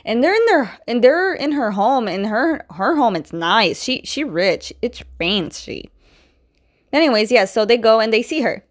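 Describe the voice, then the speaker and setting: A woman's voice: a little high, very animated, moderate pace, hardly any pauses. Young adult woman, casual recap host, chatty, acts out quoted lines.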